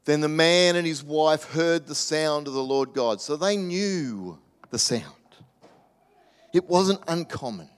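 A man preaching a sermon in a church, animated, acting out voices and dropping to soft near-whispers. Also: a little high, takes it slowly, clean tone. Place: church hall. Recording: reverberant hall.

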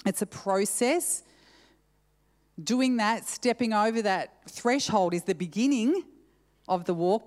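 A woman's voice: mid-range voice, a little mellow. A woman preacher giving a sermon in an earnest, conversational way, repeating verses with shifting emphasis and adding casual asides. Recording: long hall reverb.

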